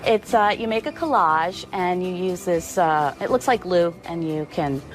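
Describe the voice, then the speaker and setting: Woman, game show contestant, low-pitched, hesitant. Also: lively intonation, a little slow, faint music behind.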